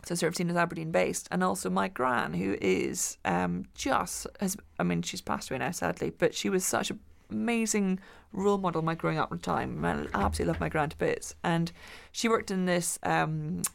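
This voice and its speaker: A woman's voice: on the low side, normal speed, gravelly, hardly any pauses. A woman from Glasgow, a guest in an interview, chatting eagerly and often restarting her sentences. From Glasgow, Scotland. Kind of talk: casual interview talk.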